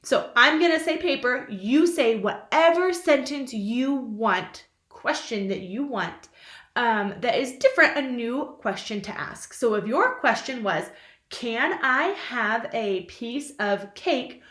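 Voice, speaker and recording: A young woman teacher leading a remote lesson for small children, modeling sentences slowly and playfully. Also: fairly high pitch, animated, a bit bright. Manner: slow, exaggerated sentence modeling with playful silly voices. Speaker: kindergarten teacher. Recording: echoey room.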